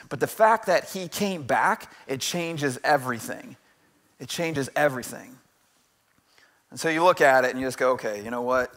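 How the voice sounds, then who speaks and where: A man in his forties gives a casual, conversational sermon in a church. His voice sits a little high for a man. He keeps checking in with "right?" and laughs easily as he goes. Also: a bit bright. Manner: conversational, asks "right?" often, jokes and laughs. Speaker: pastor. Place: church sanctuary.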